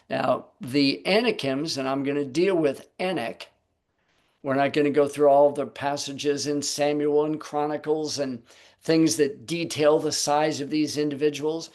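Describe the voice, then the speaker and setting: Slow, deliberate male Bible teacher. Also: fairly high pitch, fairly even intonation, darkish tone. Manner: deliberate, rhetorical questions to listeners. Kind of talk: Sabbath teaching on a video call. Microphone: video call.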